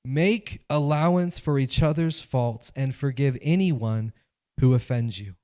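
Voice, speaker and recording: A male pastor preaching a sermon, animated and conversational, acting out quoted voices. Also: medium pitch, unhurried, clean tone.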